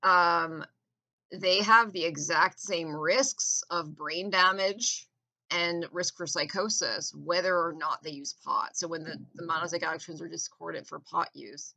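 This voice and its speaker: This vlogger's ranting monologue to camera comes in a fairly low, creaky voice with a steady, sharp tone and an unhurried pace. She is contemptuous and rambling, repeating herself and trailing off mid-thought.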